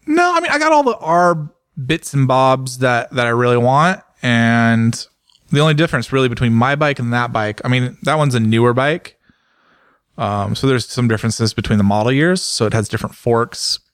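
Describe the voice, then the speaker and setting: A man's voice: mid-range voice, lively intonation, normal speed, fairly bright tone, smooth, no room sound, clean studio sound. A man co-hosting a podcast, joking and rambling through casual chat with plenty of fillers. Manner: jokey, rambling, lots of fillers. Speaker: podcast co-host and motorcycle racer.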